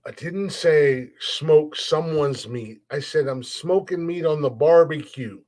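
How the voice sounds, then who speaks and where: Podcast host man from the US, casual joking chatter, voice a bit high. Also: slow, darkish tone. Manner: playful, joking, self-mocking. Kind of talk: casual comedic chat.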